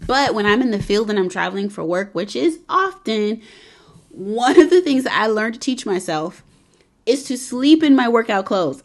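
A woman hosting a casual motivational vlog and podcast, chatty and encouraging, laughing often as she shares tips with viewers. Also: medium pitch. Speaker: wellness vlogger and podcast host.

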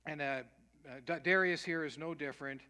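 A man's voice: a little high, brisk, bright, forceful tone. A man preaching a sermon, mixing emphatic points with rhetorical questions and casual asides. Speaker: pastor.

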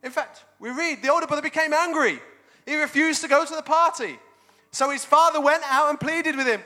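A man preaching a sermon as pastor, animated and jokey. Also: extremely high pitch, a little fast, soft background music. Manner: animated, jokey, laughs often.

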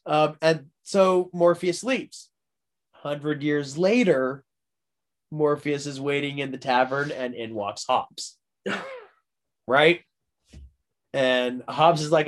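Brief: young male podcast host, rambling and laughing, unhurried, slightly high. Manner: rambling, laughing, many fillers. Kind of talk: casual chat.

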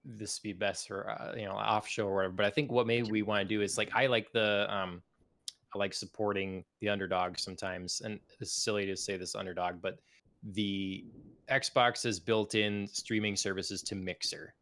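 A man with a somewhat low voice co-hosts a casual gaming podcast. He rambles easily, hedging and circling back with fillers as he talks. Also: fairly even intonation, moderate pace, a bit bright. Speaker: podcast co-host.

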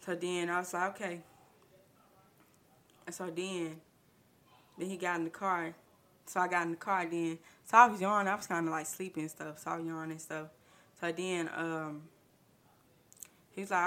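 A woman speaking in spins a personal story for her podcast, stacking up quoted back-and-forth with lots of "I said" and false starts. Her voice sits a little low but has a bright, sharp edge. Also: level tone, moderate pace, long pauses. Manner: retells dialogue with many "I said" restarts, slangy. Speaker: podcast host. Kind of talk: casual storytelling.

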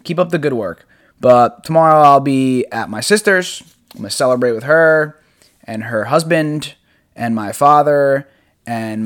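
Laid-back young man chatting on a podcast. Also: mid-range voice. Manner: rambling, laid-back, swears casually, laughs often. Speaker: podcast host. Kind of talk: casual solo podcast chat. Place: apartment room at home.

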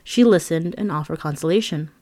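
A woman narrates her memoir in a candid, wry voice that sits a little low for a woman. She tosses in frank asides to the listener. The recording is close and dry. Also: a little fast, dark tone, no echo.

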